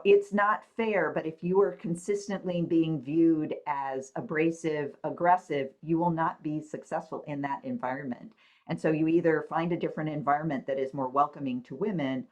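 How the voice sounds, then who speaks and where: A woman physician on a video call panel, telling a story from her career in a reflective, measured way. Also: deep voice.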